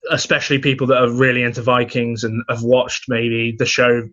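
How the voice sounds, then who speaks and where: A young man co-hosting a podcast, talking in a laid-back, halting way with dry humor. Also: medium pitch, completely flat delivery, bright, forceful tone. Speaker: podcast co-host. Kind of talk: casual chat. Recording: slightly dull, muffled sound.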